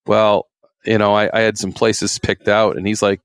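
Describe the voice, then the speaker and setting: A man's voice: lowish voice, level tone, normal speed, clear, resonant tone, dry recording. A middle-aged man, a retired game warden, telling folksy, rambling stories in an interview and acting out quotes in raised voices. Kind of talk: casual storytelling interview.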